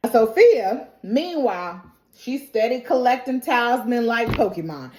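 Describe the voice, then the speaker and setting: A woman recapping a TV episode in a lively, casual, very reactive way. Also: fairly high pitch, a little slow, slight background noise. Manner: lively, colloquial, reacts loudly. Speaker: TV recap YouTuber. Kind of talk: animated show recap. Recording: roomy echo.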